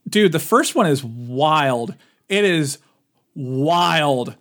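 A man co-hosting a casual chat, animated and rambling, his voice jumping up when he gets excited. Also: a little high, very slow. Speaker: podcast co-host.

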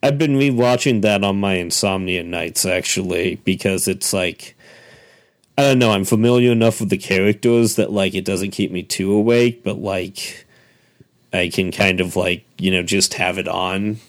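A man's voice: low-pitched, normal speed. A middle-aged man co-hosting a casual chat, rambling with lots of asides. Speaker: co-host.

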